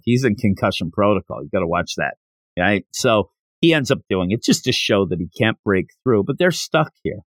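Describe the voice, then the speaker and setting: A man's voice: on the low side, no room sound. A man hosting a manga review podcast, chatting casually as he recaps the plot with wry jokes. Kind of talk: casual solo review chat.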